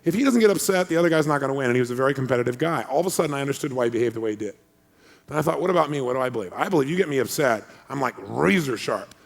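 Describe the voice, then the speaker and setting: A man giving an energetic motivational talk, telling a story and acting out the voices of the people in it. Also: mid-range voice, very fast, creaky, big-room sound. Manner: energetic storyteller, acts out others' lines. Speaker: motivational speaker. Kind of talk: animated motivational talk with acted-out quotes.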